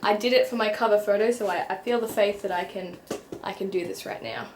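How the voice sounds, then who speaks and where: A young book vlogger chats casually to the camera from her bedroom in a medium-pitched, fairly quick voice, with a little hiss or hum in the audio. She's bubbly, giggly and self-deprecating, often stumbling over words, restarting, and laughing at herself.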